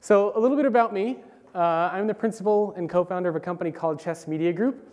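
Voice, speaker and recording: A young man gives a casual talk at a conference, his voice sitting slightly high. He is animated and keeps stopping to restart with fillers. The sound carries a long reverb from a large hall. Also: fast talker. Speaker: conference speaker. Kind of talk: conference presentation.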